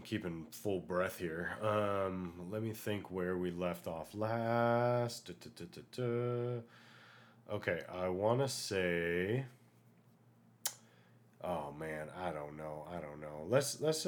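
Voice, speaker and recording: Still getting over being sick, a low-pitched man runs his solo podcast, casually talking and launching into lively rants packed with filler words.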